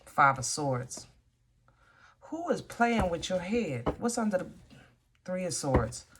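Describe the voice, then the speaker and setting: Tarot reader, woman, lowish voice, blunt and lively, talks right at the viewer. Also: slow, noisy background. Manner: animated, blunt, swears in frustration, addresses viewer directly.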